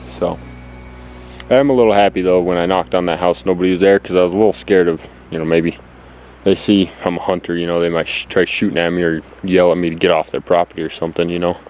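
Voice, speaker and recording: His voice is deep and a little mellow, with slight background noise around it. The man is on a hunting trip in a forest clear cut, out of breath and vlogging casually to a handheld camera held close, anxious and rambling with plenty of fillers.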